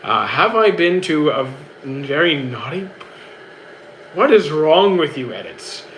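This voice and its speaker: Bright-voiced young Canadian streamer man. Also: a little high, sing-song, slow pace, a little hiss or hum, rough recording. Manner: easygoing, rambling with restarts. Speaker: streamer answering chat. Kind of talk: casual live-stream chat.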